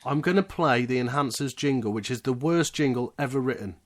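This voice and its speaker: A man's voice: mid-range voice, brisk. A man hosting a casual podcast, joking around and hyping up announcements like a showman. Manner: playful, hypes up announcements like a showman. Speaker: podcast host.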